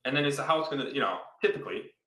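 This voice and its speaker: Bright-voiced man explaining real estate. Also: medium pitch, lively intonation, racing. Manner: enthusiastic, storytelling, explains with repeated "right?". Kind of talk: casual podcast conversation. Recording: roomy echo.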